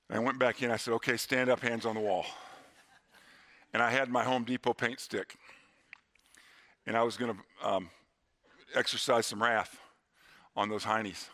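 A middle-aged man preaching a sermon in a church, earnest, slowing down and dropping to a hush on key lines. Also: lowish voice. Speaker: pastor.

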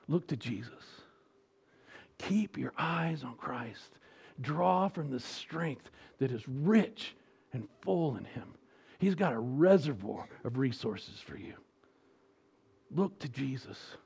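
A middle-aged male pastor delivering a sermon, moving between hushed, almost whispered reassurance and loud, emphatic exhortation. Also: a little high, animated, unhurried, creaky, breathy edge.

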